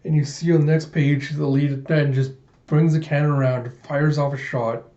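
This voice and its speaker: A man's voice: a little high, steady tone, moderate pace, mellow. A man reading through a comic casually, retelling the panels with playful asides, in a dull lo-fi recording. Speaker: comic reader. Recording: dull lo-fi sound.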